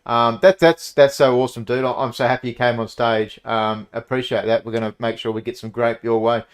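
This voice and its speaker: A man's voice: medium pitch, fairly even intonation, a little fast, clear, resonant tone. An Australian man hosting a casual chat, upbeat and enthusiastic. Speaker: host.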